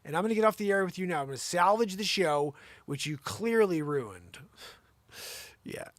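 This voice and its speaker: A man hosting a live improv comedy show playfully razzes his co-host in mock exasperation, lurching from loud outbursts to low mutters. He's expressive at a moderate pace, in clean studio sound with no echo.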